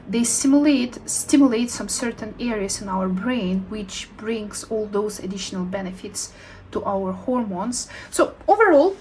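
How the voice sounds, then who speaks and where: A woman in a casual health vlog, sharing her own experience in thoughtful, non-native English phrasing with frequent pauses and fillers. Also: mid-range voice, slight background noise, low-quality recording. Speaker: health vlogger. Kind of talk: casual talking-head vlog.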